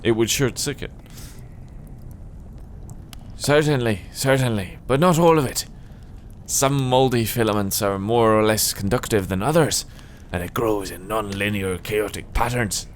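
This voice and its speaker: A man reading game dialogue as a gloomy, reclusive male software creator, speaking slowly and softly with a mournful tone. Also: fairly low pitch, a little hiss or hum, natural voice. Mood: musing. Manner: slow, soft, mournful delivery. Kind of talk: voice acting a game's dialogue.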